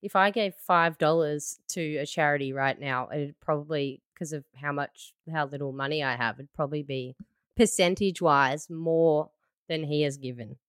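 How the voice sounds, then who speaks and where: A woman's voice: low-pitched, clean tone, no echo, studio quality. A woman in her thirties co-hosting a podcast, chatting casually and telling stories with acted-out quotes. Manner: chatty storyteller, quick to act out quotes. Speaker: podcast co-host. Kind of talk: casual chat.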